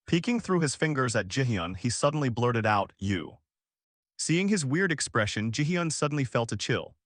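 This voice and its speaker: A man narrating a scripted fantasy story recap with lively storytelling. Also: mid-range voice, fairly quick, no echo, clean studio sound.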